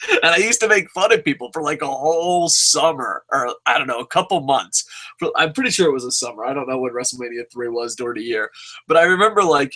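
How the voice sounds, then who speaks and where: A man's voice: on the high side, expressive, fairly quick, sharp tone. A man in his thirties from New Jersey, a podcast host telling a story casually, swearing a lot and laughing as he talks. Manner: profane, laughs often while talking.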